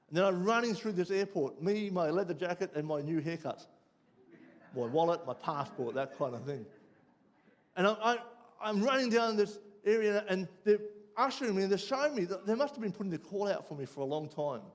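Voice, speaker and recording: An Australian man preaching, telling a personal story with lively ups and downs before dropping quiet and low for the lesson. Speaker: pastor. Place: church.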